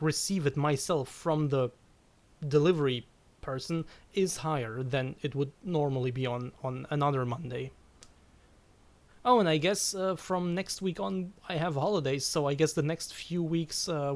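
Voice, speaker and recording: Streaming a game live from home, a woman with a low-pitched, somewhat dark voice chats casually. She giggles a lot, trips over her words and restarts them, and lets out swears when startled.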